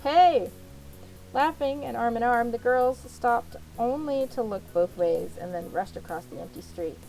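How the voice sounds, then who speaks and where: A woman's voice: fairly high pitch, moderate pace, vocal fry, darkish tone, faint music behind, poor audio. A woman reading a visual novel aloud as a let's play narrator, in the second person.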